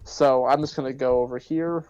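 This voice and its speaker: A man playing a tabletop game on a stream, excitable and quick to laugh and swear. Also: mid-range voice, muffled recording, slight background noise. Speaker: player.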